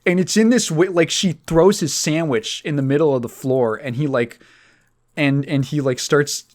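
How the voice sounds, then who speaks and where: A man's voice: fairly high pitch, unhurried, darkish tone. Male podcast host, casual chat, rambling and profane, laughs often.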